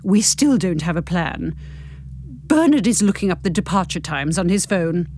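Expressive woman reading a novel. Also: on the low side, normal speed, a little hiss or hum. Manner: expressive, playful, first-person storytelling. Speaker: audiobook narrator. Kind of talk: reading a novel aloud, casual asides.

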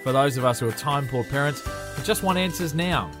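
A man co-hosting a parenting podcast, chatty and quick to agree. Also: medium pitch, a bit bright, soft background music. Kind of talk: casual podcast chat.

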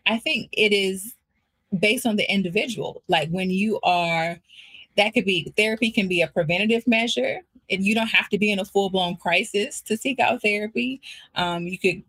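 A woman guest therapist and resilience coach, explaining in a calm way during an interview. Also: medium pitch, slightly rough. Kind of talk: conversational interview.

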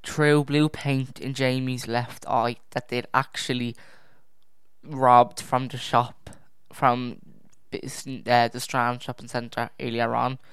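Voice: mid-range voice, fairly bright tone, clean tone, no echo. A young adult hosting a true crime podcast in a casual, rambling way, often correcting themself, sighing and dropping to a near whisper at times, on their own podcast mic. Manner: rambling, self-correcting, easily distracted. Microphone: own podcast microphone.

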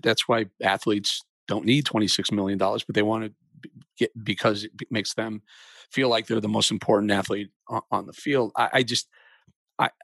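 A man speaking as an interview guest in a halting way, often repeating words as he starts a thought. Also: fairly low pitch, steady tone, creaky, fairly bright tone, dry recording, clean studio sound. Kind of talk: casual interview talk.

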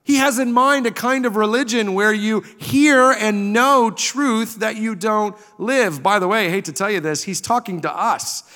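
A pastor with a notably high voice delivers a forceful sermon, driving points home through repetition. His words hang in the long reverb of a church sanctuary. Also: moderate pace, hardly any pauses. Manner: emphatic preaching with rhetorical repetition. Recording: reverberant hall.

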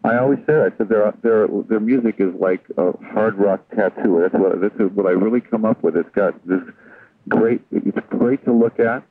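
A man with a fairly low voice speaks casually, looping back over phrases as he goes. He sounds distant and dry. The sound is squeezed into a tinny phone-line band. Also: normal speed, dry recording. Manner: relaxed, repeats and restarts phrases. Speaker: interview guest. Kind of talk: casual interview.

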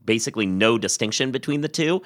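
A man hosting a legal podcast, arguing his point quickly and emphatically, then reading the show's sign-off. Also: medium pitch, animated, a bit bright, dry recording, clean studio sound. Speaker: podcast host. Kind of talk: casual podcast debate.

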